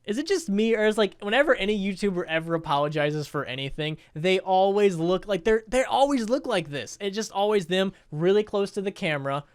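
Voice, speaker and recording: A man with a high voice reacts to a video in casual commentary, blunt and profane, often breaking into laughter. The recording is dry with no room sound. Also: animated, brisk, few pauses, clean tone, dry recording. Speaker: gaming YouTuber reacting to a video.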